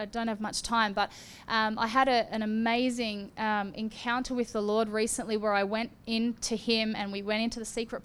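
A woman preaching and giving prophecy in a fervent charismatic style, with rising exclamations and sharp gasps. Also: a little high, clean tone. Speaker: prophetic minister.

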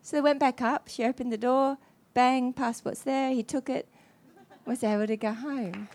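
Earnest woman preacher, fairly high voice, halting sermon storytelling. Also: fairly even intonation, a little mellow, slight background noise. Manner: earnest, halting, many restarts.

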